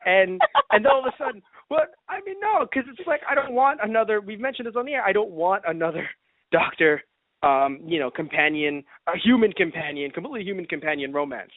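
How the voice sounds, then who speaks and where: This man co-hosts a laid-back fan review podcast, his high, expressive voice moving briskly as he performs reactions and laughs a lot. There's no echo, and the audio has a dry, phone-like lo-fi quality.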